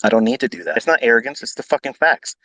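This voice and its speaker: A man's voice: mid-range voice, fast, pushed and bright, no echo, poor audio. A man teaching trading as a mentor, ranting bluntly with heavy swearing and repetition. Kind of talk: unscripted profane rant.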